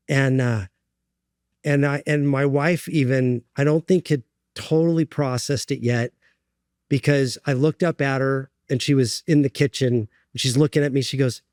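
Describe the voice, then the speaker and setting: Earnest man telling his story haltingly. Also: medium pitch, steady tone, a little mellow, no echo, studio quality. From United States. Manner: earnest, halting, many fillers and restarts. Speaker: guest. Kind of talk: candid interview storytelling.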